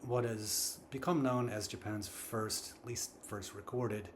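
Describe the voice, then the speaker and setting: A man casually retelling a story and explaining its background, talking in a relaxed, halting way with many ums and uhs. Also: on the low side, a little hiss or hum. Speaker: storyteller and channel host.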